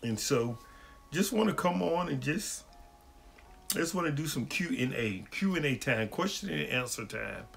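A man's voice: fairly high pitch, expressive, a little slow, vocal fry, a bit bright, a little hiss or hum. A man, a pastor hosting a livestream question-and-answer session and greeting viewers by name in a folksy way. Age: adult, married.

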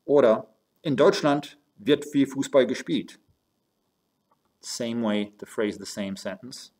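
Slowly and with a darkish tone at medium pitch, a man teaches German grammar on a recording. He calls his students "you guys" while stepping through German and English phrases.

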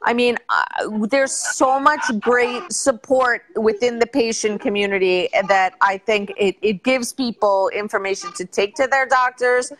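A woman guest talks candidly and earnestly as a patient advocate. Her voice is fairly high. She often trails off and restarts mid-sentence. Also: fairly even intonation, measured pace, fairly bright tone. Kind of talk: casual interview chat.

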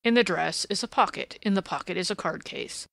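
Lady doing a pushy stubborn cop, kinda bitter, gravelly, dry close mic. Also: fairly low pitch, fairly quick, fairly bright tone, no room sound. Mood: triumphant. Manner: bitter, blustering. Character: blustering, stubborn male police inspector. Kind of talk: audiobook character reading.

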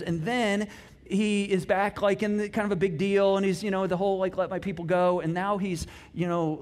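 Man, middle-aged, pastor, casual sermon, high voice, animated storytelling. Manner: animated storytelling with playful asides, wide swings in pitch and loudness.

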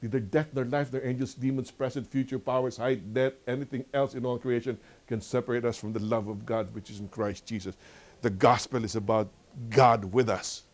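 A man's voice: mid-range voice, a little fast. Older Filipino man teaching a lesson. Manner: animated storytelling, laughs often; preacherly repetition. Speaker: Bible study teacher. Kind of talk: church lesson review.

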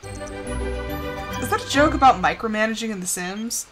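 A woman's voice: a little high, very animated, normal speed, over music. A young woman streaming a life-simulation game, chatting casually, laughing often and talking to the characters on screen. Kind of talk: casual live-stream commentary.

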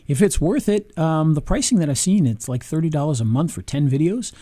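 A man casually reviewing software on screen, chatty, with frequent ums and restarts. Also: on the high side, lively intonation, brisk, no room sound, clean studio sound. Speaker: video marketing reviewer.

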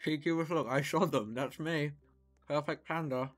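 A man's voice: on the high side, normal speed, faint music behind. A male streamer joking crudely and rambling while playing a game with a friend. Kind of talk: casual gaming banter with a friend.

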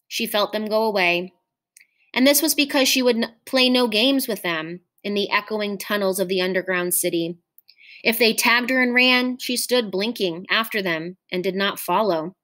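A woman teacher reading a short story aloud in a measured, expressive storytelling manner. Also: fairly high pitch.

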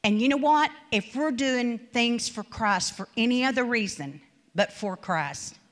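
A woman's voice: a little high, unhurried. A woman preacher giving a sermon in a conversational, storytelling manner, often acting out quoted speech.

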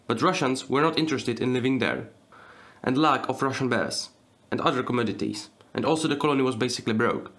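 Deadpan comic narrator, man. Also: medium pitch, quick pace, slight background noise. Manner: deadpan, sarcastic. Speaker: host. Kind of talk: comedic scripted narration.

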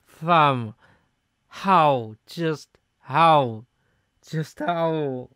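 This is a young man, talking over his own football video game match. He speaks slowly, with a lively voice that jumps around a lot, from muttered complaints to shocked cries. Faint music plays behind him. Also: fairly high pitch, dry recording. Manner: excitable, swings from mutters to shouts. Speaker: gaming YouTuber. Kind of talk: live gameplay commentary.

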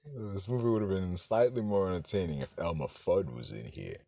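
A man giving a casual film review, swearing freely and swinging between loud outbursts and low mutters, with quick acted-out bits. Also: lively intonation, dry recording, studio quality. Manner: acts out characters in quick exaggerated bits.

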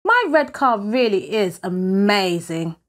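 A woman voicing an eager, sly young boy in a read-aloud picture book, in a bright, excited, pleading way. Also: mid-range voice, takes it slowly.

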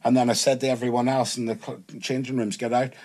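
Man, podcast guest, casual chat, animated storyteller, swears a lot, mid-pitched voice. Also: fast.

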